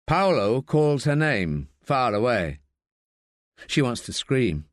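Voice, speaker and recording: Expressive male audiobook narrator. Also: medium pitch, no room sound, clean studio sound. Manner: measured, expressive storytelling.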